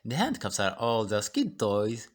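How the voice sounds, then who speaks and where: A man's voice: fairly low pitch, wildly swooping pitch, a little slow. A man with a thick foreign accent playing a cheerful, laid-back captive who chats with easy hesitations. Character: cheerful easygoing adult man, a fellow captive.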